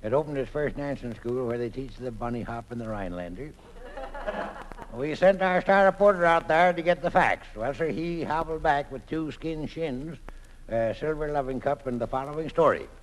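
A man playing a shady, fast-talking dance professor in a 1940s radio comedy, with wisecracking, giggly patter. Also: mid-range voice, expressive, slight background noise, close to an everyday voice, low-quality recording.

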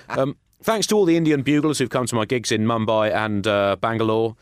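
A man's voice: mid-range voice, a little fast, clear, resonant tone, dry recording, clean studio sound. A man co-hosting a comic podcast, rambling and self-mocking, chuckling through his jokes. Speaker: podcast co-host.

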